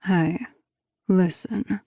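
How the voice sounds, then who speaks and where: A woman voicing a calm, manipulative male school teacher who talks in a hushed, coaxing way. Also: fairly low pitch, extremely slow, creaky, no room sound, studio quality, full character voice.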